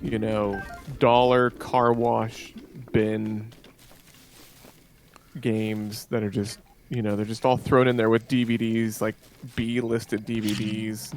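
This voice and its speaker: A man co-hosting a gaming video, chatting in a joking, excitable way. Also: lowish voice, slow. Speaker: let's play co-host. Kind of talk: casual gaming chat. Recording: clear music in background.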